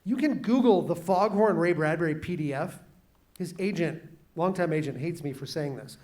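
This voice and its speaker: Man, author, storytelling talk to students, fairly high voice, dramatic pauses, swings between hushed and loud. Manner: animated, shifts pace and volume for drama.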